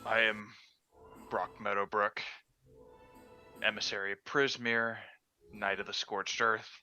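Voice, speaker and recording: Dude playing a stern knight, slow formal talk, low bright voice, faint music. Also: male voice, little pitch movement, full character voice. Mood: solemn. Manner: formal, solemn. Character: stern armored male knight envoy.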